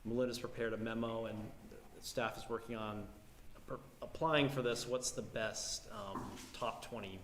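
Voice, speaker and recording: A man giving a casual, halting report to a town board at a public meeting. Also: medium pitch, steady tone, a bit bright. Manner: casual, hesitant with many fillers. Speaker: town manager. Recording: echoey hall with background noise.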